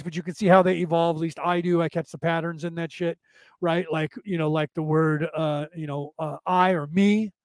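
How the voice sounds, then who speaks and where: A man's voice: sits high, dry recording. A man from California hosting a podcast, talking in a digressive solo monologue, repeating words and often asking "right?". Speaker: podcast host.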